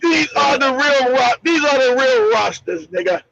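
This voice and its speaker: A man giving brash, mocking casual commentary, loud and profane, laughing often and breaking into shouts. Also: extremely high pitch, expressive, moderate pace, gravelly, crowd noise. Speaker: co-host. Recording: slightly dull lo-fi sound.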